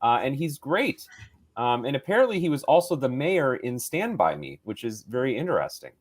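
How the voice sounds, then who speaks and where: A man's voice: mid-range voice, very animated, normal speed. Opinionated man reviewing movies. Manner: opinionated, rambling, playful. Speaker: podcast co-host. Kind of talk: casual movie review chat.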